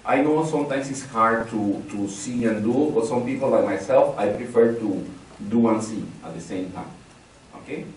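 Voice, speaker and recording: A man's voice: medium pitch, moderate pace. Distant man teaching in an echoey room. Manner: conversational, repeats key phrases, polls the audience. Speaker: instructor. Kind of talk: live technical training. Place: large training room with live audience. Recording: very echoey room from far off, faint noise.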